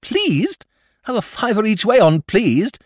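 A man's voice: high-pitched, huge pitch swings, takes it slowly, no echo, clean studio sound, voice pushed up, exaggerated voice. A man doing a whiny, hapless young lord. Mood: plaintive. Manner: whiny, plaintive, drawling.

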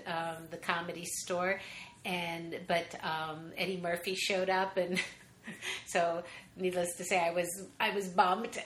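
A woman comedian telling an animated story as a podcast guest, acting out the people she quotes and laughing often. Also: on the low side, reverberant, a little hiss or hum. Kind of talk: anecdote in casual interview.

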